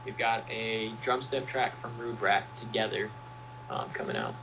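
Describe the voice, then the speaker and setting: A man's voice: on the low side, sing-song, normal speed, vocal fry, background noise. A young man, a music producer, chatting casually in an interview and acting out quotes as he rambles through playful stories. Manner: playful, rambling storyteller who acts out quotes. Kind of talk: casual chat.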